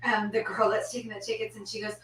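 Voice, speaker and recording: A woman co-hosting a podcast in casual chat, an animated storyteller who laughs often and drops to murmurs. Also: mid-range voice, fast. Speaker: podcast co-host. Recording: roomy sound from a distance, faint hum.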